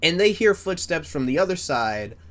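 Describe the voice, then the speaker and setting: Rambling, swearing guy with a high-ish voice. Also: normal speed. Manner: rambling, profane, animated. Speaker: YouTuber. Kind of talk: casual fan commentary.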